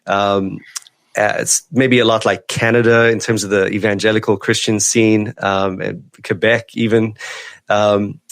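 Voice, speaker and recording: A man in his forties from South Africa, speaking with a South African accent that has picked up other influences, chats in a relaxed, rambling way as a pastor and podcast guest. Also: lowish voice, unhurried, gravelly, no room sound. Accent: South African, mixed with other influences. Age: 40s. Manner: relaxed and rambling, with frequent restarts and "um"s. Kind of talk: casual interview chat. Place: New Zealand, remote.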